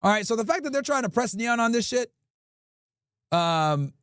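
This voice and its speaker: A man's voice: extremely high pitch, animated, normal speed, noisy background. A young adult man hosting a livestream, telling a profane, rambling story and tagging "right?" onto his lines. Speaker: livestream host. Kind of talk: casual storytelling monologue.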